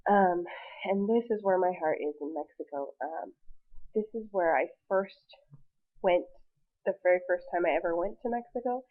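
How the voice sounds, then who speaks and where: A woman teacher giving a recorded class lecture, chatty, with many ums and restarts. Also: medium pitch. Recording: tinny phone-like audio.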